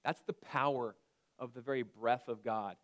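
A thirties-aged pastor delivers a sermon in a chatty style with a mid-range voice at a moderate pace. Every so often he barks out sharp, shouted commands.

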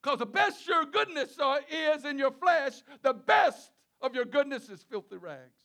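With a very high, animated voice that sounds bright and forceful, a male preacher works through a sermon in fits and starts. He repeats words, restarts, and lets out chuckles between phrases.

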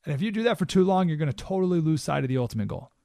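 Male radio host, slightly high voice, animated storyteller, close dry studio mic. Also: rapid-fire, vocal fry, no echo. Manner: animated storyteller, acts out quotes with jumps in pitch. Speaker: radio talk show host. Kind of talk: monologue on talk radio.

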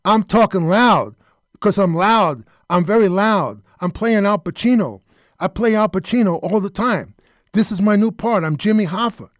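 A man doing an impression of a loud, brash aging male film star who boasts about being loud. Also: high voice, animated, moderate pace, no echo, studio quality, pitched above the performer's own voice. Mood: boastful loud. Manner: shouting, boastful.

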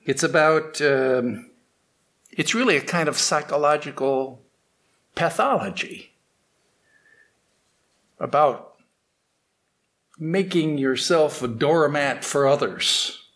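A man giving a morning spiritual talk, telling a fable in a slow, halting way with restarts. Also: on the high side, a bit bright. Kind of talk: sermon with storytelling.

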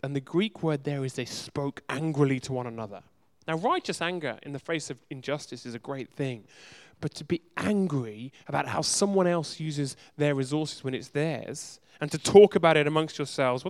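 Male preacher, fairly high-pitched, emphatic, heavy on rhetorical questions. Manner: emphatic, asks many rhetorical questions, repeats words for stress. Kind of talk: sermon. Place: church in a city.

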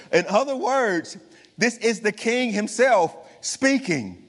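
High-voiced man preaching in a reverberant hall. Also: expressive, slow pace, fairly bright tone. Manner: impassioned preaching with repetitions and wide swings in pitch. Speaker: pastor. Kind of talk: sermon.

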